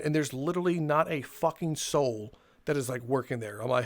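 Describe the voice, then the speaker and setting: A young man telling a casual story for his video channel, animated and swearing, laughing between lines and acting out what people said. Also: a little high, brisk. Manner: animated, swearing, laughs mid-sentence, acts out quotes. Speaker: storytelling YouTuber.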